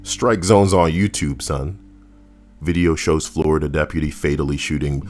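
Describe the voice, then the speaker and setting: A man's voice: a bass voice, steady tone, moderate pace, darkish tone, slight background noise. A man hosting a live reaction stream, chatting casually and wryly and talking back to his viewers. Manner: wry, chatty, talks back to chat.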